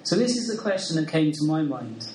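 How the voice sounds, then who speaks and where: A man's voice: fairly high pitch, sing-song, a little fast, darkish tone, slight background noise. A man preaching a sermon in an earnest, conversational way, asking the listeners questions. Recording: roomy sound from a distant mic.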